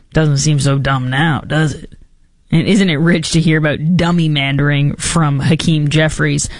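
A woman's voice: deep voice, fairly even intonation, measured pace, dry recording, clean studio sound. A woman hosting a political talk show, giving opinionated commentary with sarcastic asides and mocking put-on quotes. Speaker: podcast host.

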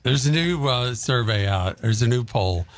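A man's voice: medium pitch, expressive, moderate pace. A man hosting a radio show in casual chat, playful and laughing often.

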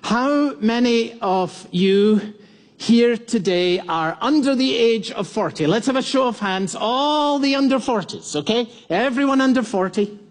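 A man's voice: extremely high pitch, animated, a little slow. A man in his fifties preaching a sermon to a congregation, teaching verse by verse and asking for shows of hands. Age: 50s. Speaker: pastor. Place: church before a congregation.

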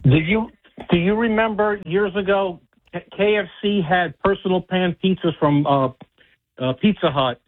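A man calling in to a radio show, telling a story with animated acted-out voices. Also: high-pitched, normal speed. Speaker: caller. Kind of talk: call-in storytelling. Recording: tinny phone line.

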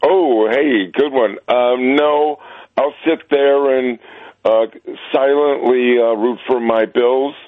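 A man calling in to a radio show, halting and stumbling through what he says. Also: mid-range voice, fairly even intonation, dry recording. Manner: halting, stumbling, with many fillers. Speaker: caller. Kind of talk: call-in talk. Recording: tinny phone line.

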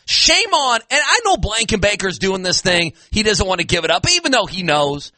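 A man's voice: sits high, sing-song, moderate pace, bright, forceful tone, no echo. A man hosting a sports talk show, ranting in exasperation with frequent restarts. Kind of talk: casual sports talk rant.

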